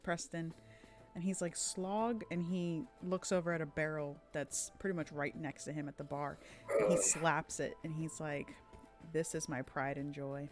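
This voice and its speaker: A woman's voice: sits low, fairly even intonation, moderate pace, faint music behind. A woman running a tabletop game as game master, narrating with lots of fillers and frequent giggles. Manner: hesitant, giggly, many fillers.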